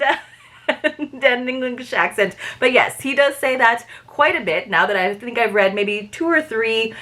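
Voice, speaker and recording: With a slightly high, sing-song voice and a sharp tone at normal speed, a woman reviews a subscription book box in a casual vlog. She chats, laughs at herself, and reads excerpts aloud.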